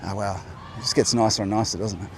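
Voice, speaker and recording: A man's voice: on the low side, fairly even intonation, quick pace, a little hiss or hum. A man talking to camera while walking a coastal path outdoors, musing and rambling, often breaking off mid-thought. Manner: rambling, musing, self-interrupting. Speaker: host. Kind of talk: walking vlog monologue. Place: outdoor coastal walk by a beach. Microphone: clip-on mic.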